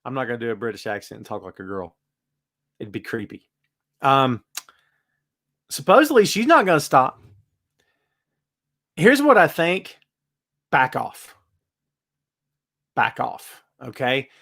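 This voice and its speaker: A man hosting a casual live-stream chat, reading viewer comments aloud and answering them in an animated, emphatic way. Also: normal speed, long pauses. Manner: wide swings in pitch and loudness, emphatic. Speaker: host.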